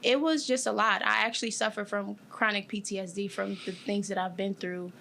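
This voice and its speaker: Young woman talking openly in an interview, bright voice, lots of ums and pauses, gets emotional. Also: mid-range voice, steady tone, gravelly, slight background noise. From Detroit, USA. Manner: emotional, candid, halting with fillers. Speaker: guest. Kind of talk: personal interview.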